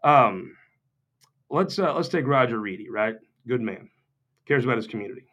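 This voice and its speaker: A man's voice: medium pitch, expressive, normal speed, fairly bright tone, husky, highs cut off. A man from Missouri speaks loosely to a room, cracking sardonic jokes as he goes. His talk rambles from point to point, full of mocking asides and restarts. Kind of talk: off-the-cuff humorous political talk.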